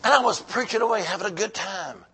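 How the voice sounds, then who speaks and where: A man preaching a revival sermon, exhorting the congregation and swinging from shouts to whispers. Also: high voice, fast talker, slightly rough. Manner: calls out to the congregation.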